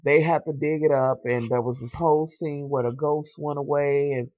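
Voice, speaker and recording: This young TV reviewer's mid-range voice moves at a moderate pace with few pauses, recorded without echo. He recaps an episode animatedly in casual slang, swearing freely and throwing sassy asides to his viewers.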